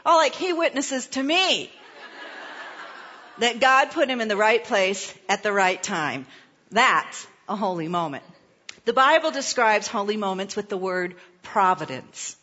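A woman pastor giving a sermon, telling a personal story in a playful, animated way with asides. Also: fairly high pitch, normal speed, highs cut off.

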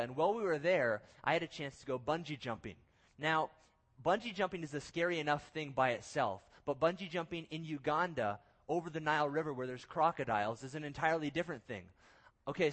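A young man giving a youth sermon, telling a story with lively quoted inner thoughts and rhetorical questions. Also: on the high side. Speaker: youth pastor.

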